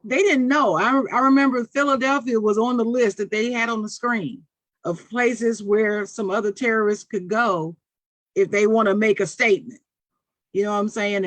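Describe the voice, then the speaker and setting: A podcast co-host explaining things in a calm, casual way. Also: medium pitch, no echo. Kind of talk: casual chat.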